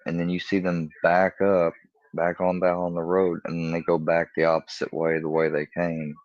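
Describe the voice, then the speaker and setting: A man's voice: completely flat delivery, normal speed, no echo, lo-fi sound. A man telling a rambling casual story, acting out both sides of a conversation in a jumpier voice. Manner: rambling, acts out both sides of the talk with a jumpier, higher voice for quotes. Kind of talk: casual story told to camera.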